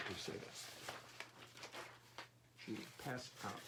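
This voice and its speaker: A man's voice: big pitch swings, slow, long pauses, heavy background noise. An older man chatting casually from his home studio, rambling and self-mocking in murmured asides. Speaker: singer-songwriter and bassist. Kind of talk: casual live-stream chat between songs. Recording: distant mic, loud bass playing behind.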